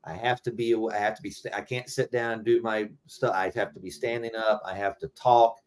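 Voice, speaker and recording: A man's voice: on the low side, little pitch movement, fairly quick. A middle-aged man talking loosely and rambling, swearing freely, as a guest musician in a casual interview.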